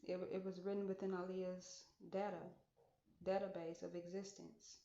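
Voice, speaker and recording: A woman's voice: fairly low pitch, flat delivery, normal speed, warm tone. A woman hosting a casual solo podcast monologue, musing aloud and repeating phrases for emphasis. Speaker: podcast host. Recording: echoey room, dull lo-fi sound.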